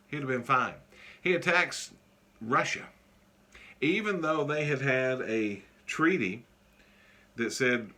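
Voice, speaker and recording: A man teaching in a classroom, lecturing in a loose, joking way. He stops often on fillers. His voice sits at a middle pitch and has a bright, forceful edge. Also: lively intonation, slow, long pauses. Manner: casual and joking, with many fillers.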